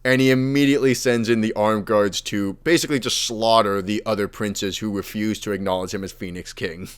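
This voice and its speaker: A man's voice: lowish voice, steady tone, fairly quick, clean tone. A young man casually retelling fantasy lore as a podcast host, acting out the characters' lines as he goes.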